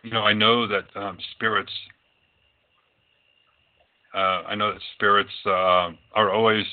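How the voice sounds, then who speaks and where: Low-pitched guy rambling about his medium work, lots of ums, sounds like it's coming through a phone. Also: flat delivery, a little slow. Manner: rambling, many fillers and restarts. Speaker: psychic medium and reverend. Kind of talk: casual storytelling talk. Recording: tinny phone-like audio.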